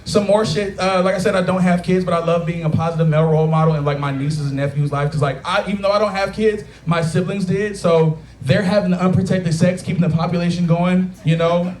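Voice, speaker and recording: A man in his late twenties doing a profane, animated stand-up set, acting out quotes, on a taproom stage. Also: high voice, fast, few pauses, slight background noise. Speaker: stand-up comedian. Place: taproom stage with a live audience. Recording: echoey bar room with loud crowd laughter.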